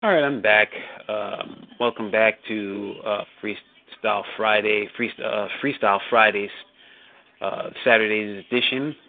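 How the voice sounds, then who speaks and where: A man's voice: lowish voice, measured pace. A man hosting a call-in show, talking casually with many restarts and growing indignation. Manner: hesitant, repeats words, indignant. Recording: tinny phone-line audio.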